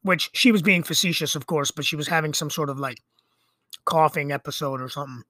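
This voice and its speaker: A man's voice: on the high side, fairly quick, bright, forceful tone, dry recording, studio quality. A middle-aged man hosting a podcast, talking in a rambling, conversational monologue full of fillers and restarts. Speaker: podcast host. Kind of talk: casual monologue.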